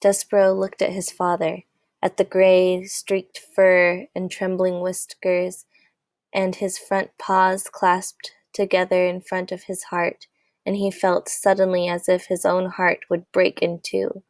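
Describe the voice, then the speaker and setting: A woman reading a children's novel aloud in a gentle, measured storytelling voice. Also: fairly low pitch, monotone, no room sound, clean studio sound. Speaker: audiobook reader. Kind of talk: storybook narration.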